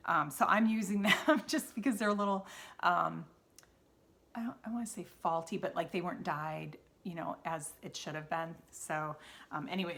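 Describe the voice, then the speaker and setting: A woman's voice: lowish voice, creaky, fairly bright tone. Chatty Wisconsin woman knitting host. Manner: chatty, rambling, with many ums and restarts. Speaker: knitting podcast host and yarn seller. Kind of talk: casual show-and-tell chat.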